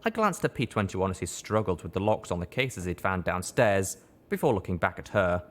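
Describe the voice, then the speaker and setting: Deep-voiced male audiobook narrator. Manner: steady, measured storytelling. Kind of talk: first-person story narration.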